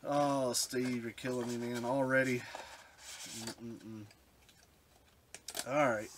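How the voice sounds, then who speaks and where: A man's voice: mid-range voice, fairly even intonation, slow pace. A man unboxing retro games for his vlog, overwhelmed and choked up, often trailing off mid-sentence. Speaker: retro game collector vlogger. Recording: background hiss with clicks.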